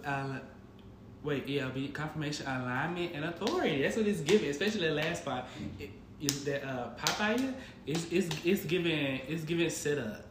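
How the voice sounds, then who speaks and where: Playful teasing man, slightly high, echoey. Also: normal speed. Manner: playful teasing, animated, stammers repeats. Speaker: co-host. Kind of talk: casual podcast chat. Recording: echoey room with noise.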